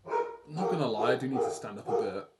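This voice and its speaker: A young Englishman rambles through a casual drawing livestream, self-deprecating and dropping the odd swear word. His voice sits at an ordinary middle pitch, and his English accent comes through plainly. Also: expressive, fast, very noisy. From England. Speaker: art streamer.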